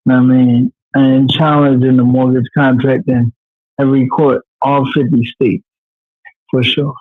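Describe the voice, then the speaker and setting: A man joining a livestream as a guest, getting over the flu, speaking slowly and hesitantly. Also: medium pitch, little pitch movement, dry recording. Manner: slow, hesitant, repeating himself. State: recovering from the flu. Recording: tinny phone-like call line.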